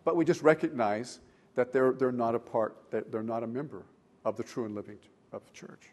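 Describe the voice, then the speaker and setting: A man preaching a sermon in church as pastor, animated, swinging between loud emphasis and quiet asides. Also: mid-range voice, fairly quick.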